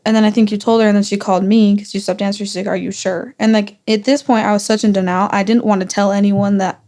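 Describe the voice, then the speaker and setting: A woman's voice: medium pitch, steady tone, fast talker, a little mellow. A young woman, a guest, in a casual family conversation, retelling a painful memory in a rambling way with many fillers. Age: young adult.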